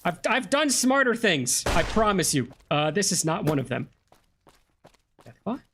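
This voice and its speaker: A chatty game streamer talks through the play with a lively, bouncing voice that swoops up and down. The commentary is casual and self-mocking, full of fillers and quick laughs at their own mistakes. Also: mid-range voice, a little hiss or hum. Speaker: gameplay streamer.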